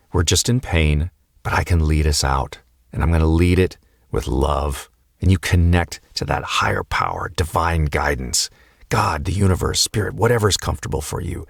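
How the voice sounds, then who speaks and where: A man coaching husbands on marriage, speaking calmly and earnestly and repeating key phrases for emphasis. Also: sits low, dry recording, studio quality. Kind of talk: motivational advice talk to husbands.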